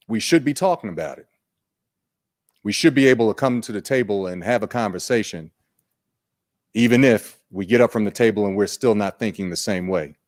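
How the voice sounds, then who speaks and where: A man presenting at an online training day, unhurried and conversational, putting questions to his audience. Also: on the low side.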